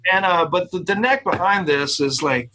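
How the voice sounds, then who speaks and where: A man with a Quebec French accent tells a story as a guest on a video call. His voice sits a little high for a man. He rambles and restarts often, acting out the other people in his tale. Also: moderate pace, pushed and bright, a little hiss or hum, poor audio. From Quebec, Canada. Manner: rambling, many restarts, quotes others in the telling. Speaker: guest guitarist. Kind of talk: casual interview storytelling.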